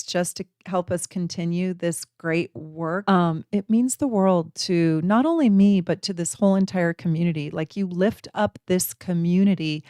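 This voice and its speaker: A woman hosting an astrology channel, talking casually to camera as an animated storyteller who laughs and acts out voices. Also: lowish voice, smooth, dry recording, studio quality.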